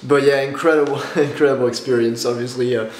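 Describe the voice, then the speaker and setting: A man talking to his viewers in a casual reaction vlog, gushing and excitable, with nervous laughs and restarts, tired after staying up all night. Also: mid-range voice, fast talker, slight background noise. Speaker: YouTuber reacting to a film marathon. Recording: roomy echo with soft music behind.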